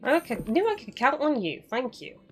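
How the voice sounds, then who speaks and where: A woman's voice: high-pitched, very animated, normal speed, faint music behind. Chatty woman streaming a cozy game. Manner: chatty, talks to chat, swears casually. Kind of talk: casual live-stream commentary.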